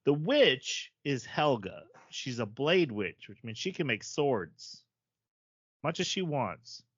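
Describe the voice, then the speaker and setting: A man's voice: medium pitch, big pitch swings, slow pace, husky, no room sound, lo-fi sound. A man co-hosting a podcast, casually recapping a story at length with frequent "um"s and "uh"s. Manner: summarizes plot at length with many fillers. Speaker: podcast co-host. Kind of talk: casual chat recapping an episode.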